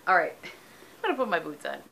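A woman's voice: fairly low pitch, big pitch swings, fairly quick, creaky, sharp tone, a little hiss or hum. A middle-aged woman from the United States, chatting casually in a home vlog with lots of ums, tired and sleepy, recorded on a camera mic. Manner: chatty, rambling, frequent ums. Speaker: vlogger.

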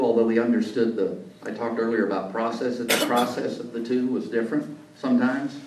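A man's voice: mid-range voice, a little mellow. A man, a journalist giving a talk to a lunch club, telling anecdotes with folksy asides. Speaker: guest speaker, journalist. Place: meeting room. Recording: echoey room, distant mic, faint noise.

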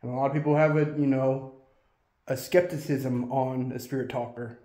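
A lone ghost-hunting host works through an old schoolhouse, casually asking the spirits questions in a steady, dark, mid-range voice at a normal speed. The space sounds echoey.

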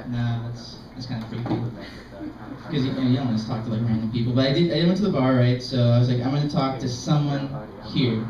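A young man performing open mic stand-up comedy in a self-deprecating, halting, rambling way. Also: mid-range voice, dark tone, distant mic, slight background noise. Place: small art gallery open mic. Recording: dull, echoey room recording from afar.

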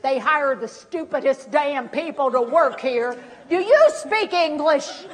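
A contemptuous, combative adult with dementia who snaps insults at the staff, as a woman acts the part out. The voice drops low and muttering, then rises sharply to jab. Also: expressive, measured pace, in a large hall. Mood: scornful. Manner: sneering, contemptuous.

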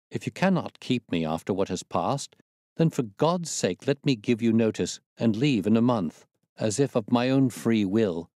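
A man reading the part of a proud butler who begs not to be dismissed, his voice hoarse with emotion. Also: on the low side, darkish tone, dry recording, studio quality. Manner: desperate, begging. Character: shaken middle-aged male butler, proud and pleading.

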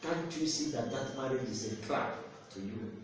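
A man's voice: mid-range voice, moderate pace. A man preaching an emphatic commentary sermon as a TV host. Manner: emphatic, rising and declaiming. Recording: echoey room, distant mic.

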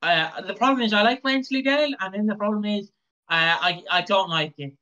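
A man's voice: high-pitched, fairly quick, bright, forceful tone. A man co-hosting a podcast, chatting casually about a soap opera in a rambling, jokey way that often stumbles over his words. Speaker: podcast co-host. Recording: dull lo-fi mic.

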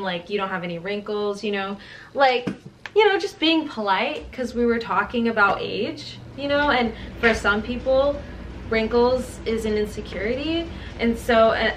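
A chatty young woman in her twenties tells stories in a rambling, casual vlog, full of "like" and acted-out quotes. Her mid-pitched voice sits a little back from the mic, with a faint hiss of background noise. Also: fairly bright tone, distant mic. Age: 20s. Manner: chatty, rambling with many "like"s, acts out quoted dialogue. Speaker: vlogger.

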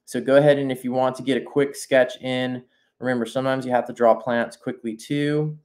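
A man talks through a painting lesson in a relaxed, improvised way, often stopping mid-thought and starting his sentences again. His tone stays friendly and encouraging as he invites viewers to sketch with him. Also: medium pitch, brisk. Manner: thinks aloud, breaks off and restarts sentences. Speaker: nature journaling instructor. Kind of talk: casual live painting demonstration.

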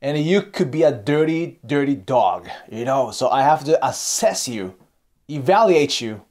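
Japanese man, Japanese accent, casual advice host, highly animated pitch, swears and laughs often. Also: measured pace. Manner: blunt, frequent swearing and laughter. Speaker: host giving dating advice. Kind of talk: casual monologue.

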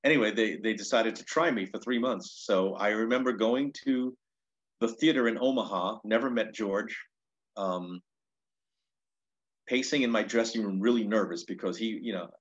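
Comedian guy rambling through old road stories, lotsa you-knows, lowish voice, kinda dull lo-fi audio. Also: normal speed. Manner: rambling, with frequent restarts and 'you know'. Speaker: stand-up comedian, interview guest. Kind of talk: casual storytelling.

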